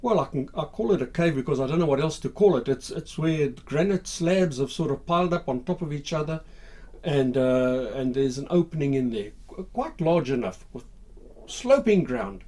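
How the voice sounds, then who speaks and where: Older guy telling war stories, husky voice, stumbles and repeats himself. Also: expressive, mellow. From Zimbabwe. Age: 60s. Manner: halting, repeats words, low-key retelling. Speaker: war veteran storyteller. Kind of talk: spoken war memoir.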